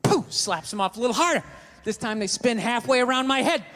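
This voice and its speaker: A man's voice: very high-pitched, animated, brisk, a bit bright. A man doing stand-up comedy on a theater stage, ranting with lots of swearing and acting out both sides of arguments. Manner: ranting, profane, acts out quoted arguments. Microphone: stage microphone. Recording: echoey hall, faint hiss.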